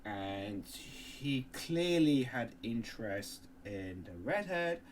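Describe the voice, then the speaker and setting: Excitable man with faint background hiss. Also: medium pitch, takes it slowly. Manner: animated, exclaims often, swears, trails off. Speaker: podcast co-host. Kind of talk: casual chat.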